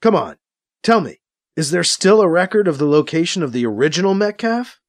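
A man's voice: on the high side, big pitch swings, a little fast, pitched above the performer's own voice. A man reading an audiobook, voicing a persistent young man who coaxes and jokes. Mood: coaxing. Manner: pushy, coaxing. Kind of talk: audiobook character voice.

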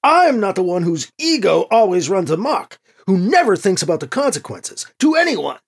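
A woman's voice: medium pitch, sing-song, normal speed, breathy edge, voice pushed up. A reader voicing a scornful skeptical woman. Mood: angry. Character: skeptical sharp-tongued woman, quick to anger.

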